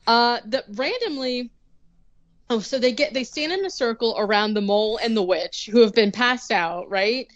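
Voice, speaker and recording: A woman's voice: fairly high pitch, moderate pace, dry recording, lo-fi sound. Sarcastic young woman rambling through a recap. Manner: rambling, sarcastic, heavy use of "like" and swearing. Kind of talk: casual chat recapping a movie.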